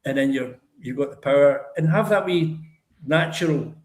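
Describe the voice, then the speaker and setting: An older man with a Lanarkshire Scottish accent, a musician telling animated stories as a guest in a casual chat. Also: fairly high pitch, moderate pace. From Lanarkshire, Scotland. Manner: animated storyteller, acts out others' voices. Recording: roomy echo.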